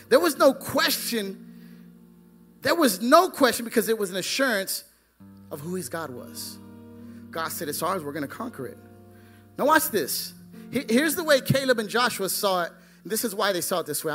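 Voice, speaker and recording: A male pastor preaching a fervent sermon, swinging between loud exclamations and hushed asides. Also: high voice, animated, moderate pace, faint music behind.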